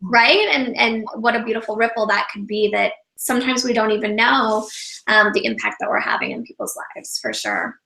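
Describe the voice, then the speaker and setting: Bright, gravelly woman in a roomy echo. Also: a little high, expressive, moderate pace. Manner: earnest, repeats words when starting phrases. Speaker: interview guest. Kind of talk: casual interview talk.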